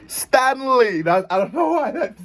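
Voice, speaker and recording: A man hosting a casual reaction video, talking in an animated, joking and playful way. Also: medium pitch, normal speed, soft background music. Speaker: host reacting to a music video.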